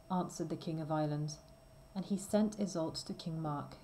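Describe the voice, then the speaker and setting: A woman reading a simple storybook aloud slowly and clearly for language learners. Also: low-pitched, warm tone, slight background noise, rough recording. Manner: careful, deliberate reading. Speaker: reader.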